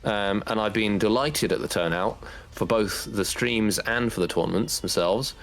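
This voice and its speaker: A man's voice: lowish voice, moderate pace, fairly bright tone. A man hosting a gaming tournament stream, talking in a rambling, heartfelt way with lots of fillers. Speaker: tournament organizer and host. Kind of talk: casual stream chat.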